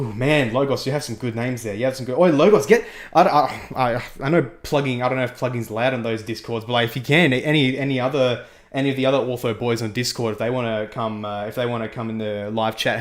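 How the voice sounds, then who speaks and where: A young livestream host chats casually while playing a game, speaking fast in a mid-range voice with fairly even intonation. He rambles, repeats himself, and laughs often.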